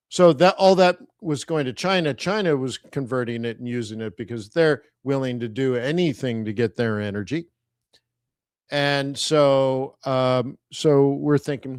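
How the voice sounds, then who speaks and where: A man's voice: medium pitch, moderate pace, no echo, studio quality. Casual man commenting on a live trading stream. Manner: conversational, rhetorical asides. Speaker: forex trading stream host.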